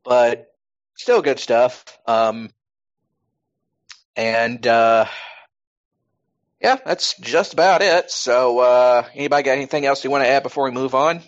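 A man's voice: mid-range voice, a little slow, pauses often, dull audio. A man hosting a podcast in casual chat, rambling with plenty of fillers. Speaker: podcast host.

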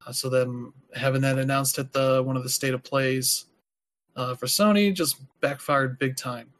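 A man's voice: medium pitch, fairly even intonation, moderate pace, fairly bright tone. A man hosting a podcast, talking casually and rambling with lots of filler words. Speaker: podcast host. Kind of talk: casual chat.

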